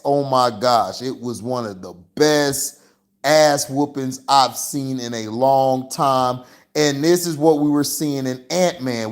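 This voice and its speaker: Slow, slangy man reviewing a movie. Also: mid-range voice. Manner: rambling and slangy, full of "you know" fillers. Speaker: movie reviewer and channel host. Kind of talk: casual livestream movie review.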